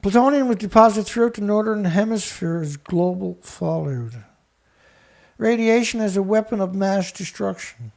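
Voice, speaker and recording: A man hosting a show, reading research text aloud haltingly and breaking in with scornful remarks to an absent critic. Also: high-pitched, animated, gravelly, darkish tone. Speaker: show host. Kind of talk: reading documents aloud with commentary.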